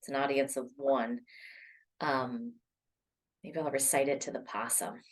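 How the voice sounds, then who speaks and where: A woman's voice: very deep voice, fairly even intonation, a little slow. A woman rambling casually to her laptop camera, full of ums and restarts. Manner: chatty, rambling, many ums. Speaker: poetry vlogger. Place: home room at a laptop. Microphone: laptop mic.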